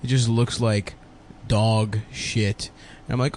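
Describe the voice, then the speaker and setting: A man's voice: fairly low pitch, flat delivery, slow, darkish tone, slight background noise. A man co-hosting a casual podcast, teasing his friends with crude jokes and frequent laughter. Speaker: podcast co-host.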